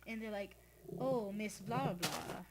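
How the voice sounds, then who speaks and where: A man's voice: high-pitched, a little slow. A teenage boy rambling through a casual story, full of fillers and restarts, as host of a game video. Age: teens. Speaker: let's play host. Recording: loud background noise with clicks.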